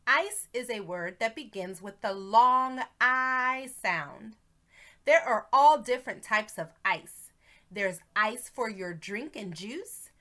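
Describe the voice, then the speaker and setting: A woman teaching a video lesson to preschool children in a slow, encouraging, sing-song way. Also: medium pitch, lively intonation, sharp tone.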